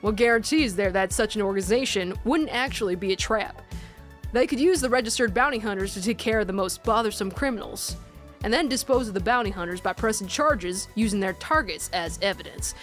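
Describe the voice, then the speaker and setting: A woman voicing a calm young woman who tells a grim tale in a slow, measured way. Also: mid-range voice, faint music behind, natural voice. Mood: storytelling. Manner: measured, slow storytelling read. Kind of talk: reading a visual novel aloud.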